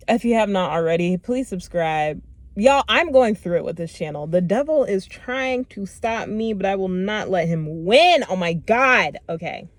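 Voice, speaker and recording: A young woman talks straight to camera about a novel she has just read. Her talk is casual and animated, full of fillers and frustrated sighs. Her voice sits at a middle pitch for a woman. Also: no echo. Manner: animated, exasperated, chatty with many fillers. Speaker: book vlogger. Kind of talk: casual book review vlog.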